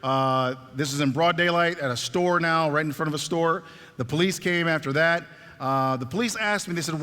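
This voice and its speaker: A man giving a stage talk, telling a story in an animated way and acting out the dialogue, in a reverberant hall. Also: on the high side, moderate pace. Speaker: speaker at a talk.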